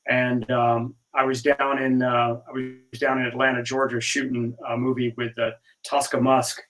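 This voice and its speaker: A middle-aged man guesting on a video call, easygoing and chatty, acting out bits of old conversations as he recounts them. His voice comes across from a bit back from the mic, with a mid-range pitch. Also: monotone, moderate pace, fairly bright tone, recorded from a distance, poor audio. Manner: easygoing storyteller, acts out dialogue. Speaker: actor guest. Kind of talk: casual interview chat.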